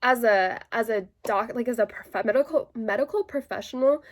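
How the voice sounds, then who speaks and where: Chatty woman with a slightly high voice. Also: normal speed, few pauses. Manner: chatty, peppered with "like" fillers; indignant retelling. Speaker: vlogger telling a personal story. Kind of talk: casual story time.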